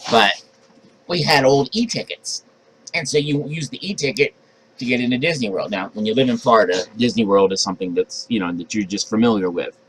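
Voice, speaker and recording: An older man, a pastor, preaching a sermon in a chatty, animated way and acting out voices. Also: mid-range voice, fairly quick, slight background noise, low-quality recording. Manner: conversational, animated, acts out voices.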